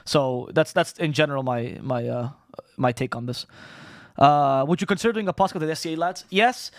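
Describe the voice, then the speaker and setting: Native Spanish speaker from Spain, this streamer and esports caster chats at breakneck speed, tripping over his words, restarting them, and cursing a lot. His slightly high male voice is recorded close and dry, with no room sound at all.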